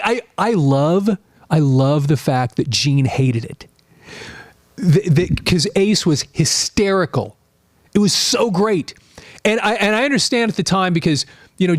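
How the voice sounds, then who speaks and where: A man in his late fifties hosting a live stream, chatting casually in a rambling, animated way while reading out viewer comments. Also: high-pitched, no room sound, clean studio sound. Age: 50s.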